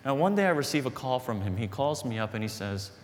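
A man's voice: mid-range voice, very animated, quick pace. Guy pastor telling a story from the pulpit, earnest and chatty, voice ringing in a big hall with a little hiss behind. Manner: conversational, earnest, building to emphatic points. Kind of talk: sermon storytelling. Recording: long hall reverb, faint background noise.

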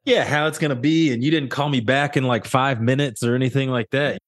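A young adult man co-hosting a casual podcast, telling work stories with lively mimicry of the people involved. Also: medium pitch, fairly quick, dry recording, clean studio sound. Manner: animated storyteller, often mimics others with a raised voice. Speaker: podcast co-host, real estate agent.

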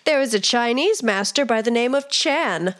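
Woman, slightly high voice, casual podcast co-host, blunt, swears a lot, jokey. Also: expressive, moderate pace, fairly bright tone. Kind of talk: casual chat.

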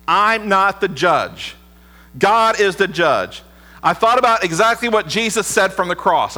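A man preaching a sermon as pastor, earnest, often dropping low and quiet for emphasis. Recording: long hall reverb with mains hum.

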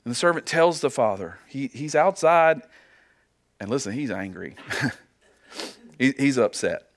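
A man's voice: medium pitch, animated, moderate pace. A man preaching a sermon as pastor, earnest, asking his listeners rhetorical questions and often repeating words as he goes.

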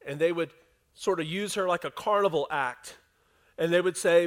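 His voice is smooth, on the high side, and moderately paced. The pastor delivers a lively sermon, recounting scripture, dramatizing the quoted lines, and talking straight to his congregation.

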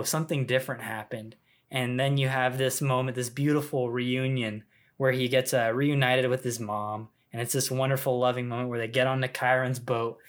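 A man in a casual podcast chat, talking earnestly and growing emotional, close to tears, with halting restarts. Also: medium pitch, a bit bright. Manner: earnest, gets choked up while talking.

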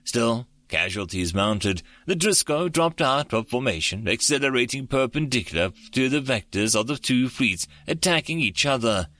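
A man reading an audiobook in measured, steady scripted narration. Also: mid-range voice, dry recording.

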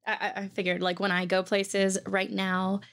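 A woman's voice: medium pitch, monotone, a bit bright, clean tone. A young woman hosting a casual interview, reacting enthusiastically and saying "like" often. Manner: enthusiastic, frequent "like" and quick reactions. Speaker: host, former gymnastics coach.

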